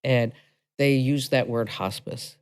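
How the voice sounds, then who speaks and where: A woman's voice: extremely low pitch, slow pace, darkish tone, clean tone, no echo. A middle-aged woman hosting a podcast, telling personal stories in a chatty way and laughing between lines. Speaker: podcast host.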